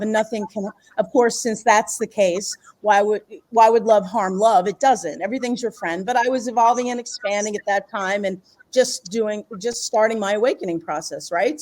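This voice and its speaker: A middle-aged woman, a guest on an interview show, tells a long personal story in a lively, rambling way. She often restarts and repeats her words and breaks into laughter. Her voice sits slightly higher than most women's. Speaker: guest author and healer.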